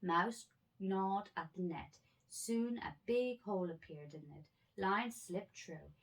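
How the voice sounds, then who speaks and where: A woman reading children's animal stories aloud at bedtime, gentle with small slips. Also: medium pitch, slow pace.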